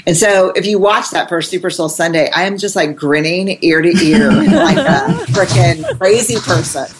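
A woman guest, a researcher and author, telling a story in a candid, animated, casual way with some swearing. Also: lowish voice, moderate pace, heavy background noise.

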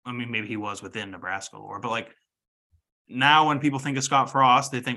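Young male podcast co-host, bright and forceful tone, loose rambling sports banter. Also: mid-range voice, fairly even intonation, fairly quick. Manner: rambling, joking, trails off naming players. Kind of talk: casual sports chat.

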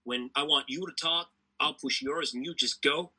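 A man's voice: on the high side, normal speed, bright, forceful tone, slightly rough, full character voice. A man impersonating a blunt American commentator. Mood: matter-of-fact.

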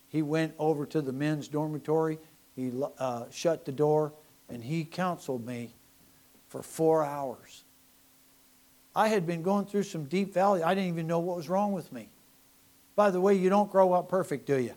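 A middle-aged man preaching a sermon, animated, swinging from loud emphasis to soft asides. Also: fairly high pitch, normal speed. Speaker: pastor.

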